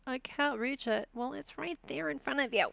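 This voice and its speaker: A woman's voice: high voice, normal speed, gravelly, crowd noise. A woman giving casual gameplay commentary, chatty and sassy as she bosses her game characters around.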